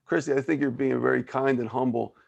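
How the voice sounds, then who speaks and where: A man's voice: medium pitch, fairly even intonation, a little fast, gravelly, lo-fi sound. A man with a Philadelphia accent hosting a podcast interview, asking friendly questions and often restarting his sentences. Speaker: podcast host. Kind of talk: casual interview.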